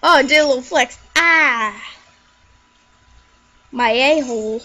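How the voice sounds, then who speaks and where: A woman giving let's play commentary, excitable and jokey, squealing and shrieking at the game and chattering to herself. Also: sits high, slow, rough recording. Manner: jokey running self-talk. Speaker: gaming video creator.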